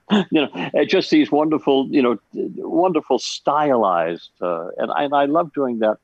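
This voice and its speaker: A man voice actor telling stories on a video call panel, halting with fillers. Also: mid-range voice, lively intonation, dry recording, muffled recording. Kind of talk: casual panel chat.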